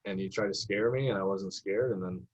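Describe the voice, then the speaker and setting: The young man, an assistant basketball coach, speaks a little fast in a low voice with a breathy edge. Telling stories in a casual podcast interview, he animatedly impersonates the people he quotes, and the audio is dull and lo-fi.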